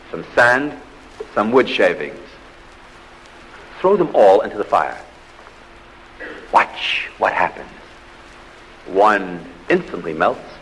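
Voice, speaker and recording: A man lecturing live on a theatre stage, his lowish voice rising and falling in a very animated way as he spins anecdotes with dramatic pauses. The old recording carries the long reverb of the hall and a faint hiss and ambience. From United States. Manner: storytelling, dramatic pauses, punchy delivery.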